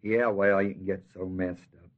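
A man's voice: low-pitched, little pitch movement. A man teaching a sermon on a Bible passage in a folksy way, leaning hard on key words and quizzing his listeners. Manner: emphatic, drawn-out stress on key words; folksy, asks the audience questions. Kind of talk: expository sermon. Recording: dull lo-fi sermon tape.

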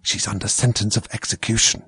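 Man doing a nervous storybook rabbit: low, hurried, frightened whisper. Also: animated, mellow, breathy edge, dry recording. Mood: anxious. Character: timid, anxious white rabbit courtier.

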